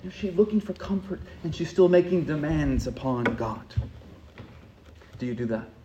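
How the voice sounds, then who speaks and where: Male pastor preaching, pretty high voice, repeats himself for effect, goes soft then loud, echoey church room. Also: lively intonation, moderate pace, highs cut off, noisy background. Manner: impassioned preaching with rhetorical repetition, swinging from hushed to loud. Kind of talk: sermon.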